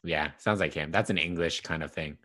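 A man co-hosting a casual podcast, joking around and laughing quickly. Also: a bass voice, bright, forceful tone. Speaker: podcast co-host.

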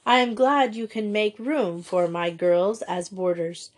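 A woman's voice: medium pitch, steady tone, unhurried, close to an everyday voice. Woman reading as a polite Austrian father. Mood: courteous. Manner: polite, formal. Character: courteous middle-aged Austrian father.

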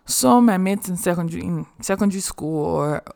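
A young woman from Nigeria, hosting a podcast and giving chatty, expressive advice with humorous asides. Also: fairly low pitch, fairly quick, gravelly. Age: young adult. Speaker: podcast host. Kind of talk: casual advice monologue.

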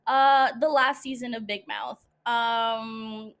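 Young female podcast host, high-pitched, chatty, profane, quick to laugh. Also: fairly even intonation, fairly bright tone, clean tone. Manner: chatty, swears freely, laughs often. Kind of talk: casual solo podcast chat.

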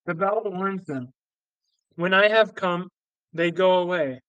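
Cast: chatty, folksy old gardener, high-ish clear voice, read by a man, dull lo-fi sound. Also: slow pace, a bit bright, no room sound. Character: grateful old male gardener, talkative. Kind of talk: audiobook reading.

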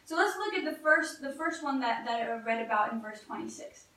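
A woman delivers an earnest, conversational sermon, often restarting her phrases as she goes. Her voice is high and bright. It sounds echoey, as if recorded from a distance in a reverberant room. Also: animated, fairly quick. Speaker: preacher. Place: church.

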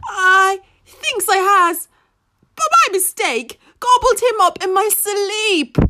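A woman's voice: very high voice, animated, slow, pushed and bright, pitched above the performer's own voice, full character voice. A woman voicing a frightened young farmyard pig who stammers, cries and talks in broken grammar. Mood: tearful, panicky. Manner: tearful, stammering, non-standard grammar.

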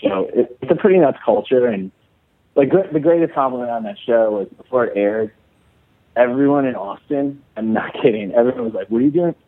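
A man's voice: mid-range voice, fairly quick, dry recording. A man from Chicago, an actor being interviewed, talking casually and rambling with lots of fillers and restarts. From Chicago, USA. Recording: dry, tinny phone-like audio.

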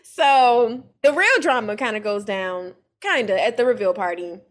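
A woman co-hosting a casual chat, recapping reality TV in a lively, profane, animated way. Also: a little high, a little slow. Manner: animated, profane, mimics cast members. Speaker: podcast co-host.

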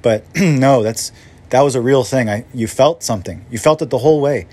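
A man's voice: mid-range voice, moderate pace. A middle-aged man hosting a podcast and telling a personal story in a casual, rambling way that jumps from one thought to the next. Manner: rambling, self-interrupting, animated. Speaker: podcast host.

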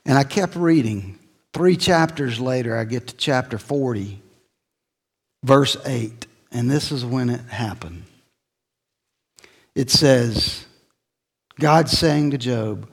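A middle-aged man preaching a sermon, telling a personal story, his voice swelling and then dropping low. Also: takes it slowly, creaky, pauses often, husky, big-room sound. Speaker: pastor.

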